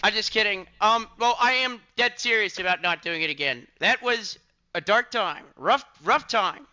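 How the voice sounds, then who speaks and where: High, sharp-toned man on dull lo-fi audio. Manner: halting, hesitant, self-deprecating. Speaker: streamer. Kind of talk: apology video.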